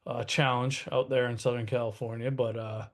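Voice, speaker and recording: A man's voice: mid-range voice, little pitch movement, moderate pace. Casual male webinar host. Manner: casual and salesy, with restarts. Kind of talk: webinar talk.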